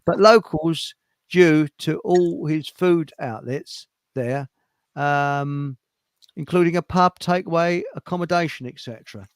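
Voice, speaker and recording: A man's voice: a little high, no room sound. Blunt grumbling man, dry sound. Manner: blunt, grumbling, quick asides with chuckles. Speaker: host. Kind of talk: casual livestream chat.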